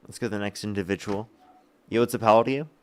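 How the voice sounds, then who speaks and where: Fast-talking low-voiced debate host. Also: male voice, darkish tone, slight background noise. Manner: combative, incredulous, quick retorts. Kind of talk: live political call-in debate.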